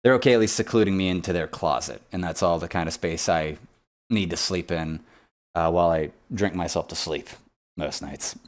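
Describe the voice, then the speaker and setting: A man's voice: deep voice, normal speed, close to an everyday voice. A man voicing a broke, hard-drinking drifter who mumbles and trails off. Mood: weary.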